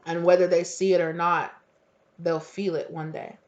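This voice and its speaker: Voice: mid-range voice, flat delivery, moderate pace, noisy background. Rambling, heartfelt tarot reader, lo-fi sound. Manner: heartfelt and rambling, with many fillers and casual swearing. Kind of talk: casual spoken tarot reading.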